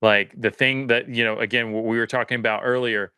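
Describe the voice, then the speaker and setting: A man's voice: medium pitch, steady tone, a little fast, pushed and bright, clean tone, no echo. A man speaking as a podcast guest, earnest and reflective, often circling back and restarting his thoughts. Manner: earnest, searching, lots of fillers and restarts. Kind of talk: casual reflective conversation.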